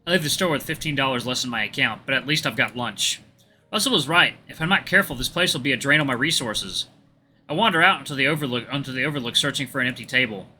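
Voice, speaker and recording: A man's voice: mid-range voice, expressive, fast talker, pushed and bright, slight background noise. A man reading a visual novel aloud as a let's play host, with chatty asides to viewers.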